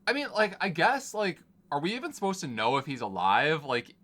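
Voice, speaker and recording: A man co-hosting a casual gaming podcast, talking in a relaxed, wry way. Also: fairly high pitch, fairly quick. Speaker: podcast co-host.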